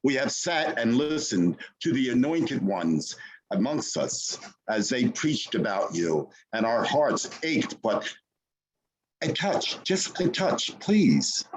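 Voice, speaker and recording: A man poet on a video call who gives a hesitant spoken preface and then recites a poem in an earnest, measured way. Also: mid-range voice, a little hiss or hum, rough recording. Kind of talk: poetry reading.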